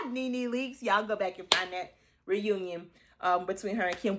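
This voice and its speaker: A woman in her thirties giving a casual, sassy recap of a reality show, chatty and playfully shady, and she slips into exaggerated high voices for quotes. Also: moderate pace, fairly bright tone, slight background noise. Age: 30s. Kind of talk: casual gossip commentary.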